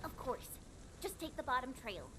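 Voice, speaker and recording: A woman's voice: high-pitched, very animated, moderate pace, noisy background. A woman voicing a confident, impatient young swordswoman companion in a video game. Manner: impatient, self-assured. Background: game music.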